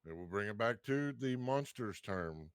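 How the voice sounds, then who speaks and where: A man runs a tabletop session over a call, his voice sitting on the low side and heard close and dry. He jokes around and hands out easygoing rulings. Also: lively intonation, measured pace, clean tone, no echo. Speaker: game master. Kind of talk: running a tabletop game online.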